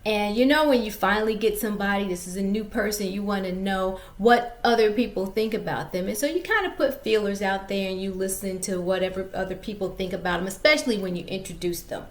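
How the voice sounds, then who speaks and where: A woman's voice: mid-range voice, brisk, hardly any pauses, reverberant. A woman author telling a casual story-time vlog, chatty and addressing viewers directly.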